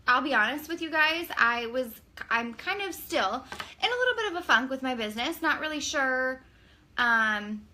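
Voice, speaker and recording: Woman, live-stream co-host, chatty, reads comments, high bright voice. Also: a little hiss or hum. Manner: chatty, reads viewer comments aloud, quick to apologize jokingly. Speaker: direct sales consultant. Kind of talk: casual live-stream chat.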